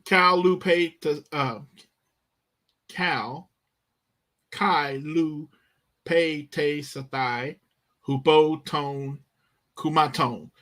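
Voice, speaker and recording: Slow, emphatic male Greek teacher. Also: fairly high pitch, a bit bright. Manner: slow, emphatic, acts out the disciples' panic. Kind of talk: Bible Greek lesson.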